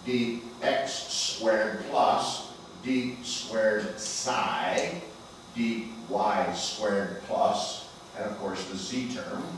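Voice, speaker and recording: Speaking very slowly in a steady, lowish voice, a man teaches a physics lecture with playful theatrics and frequent questions for his students. It's captured in an echoey lecture hall, sounding distant with faint background noise.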